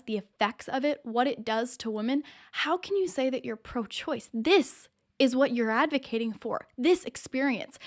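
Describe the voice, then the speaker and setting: A woman hosting her own show, delivering impassioned, emphatic opinion commentary straight to the viewer. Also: a little high. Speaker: show host.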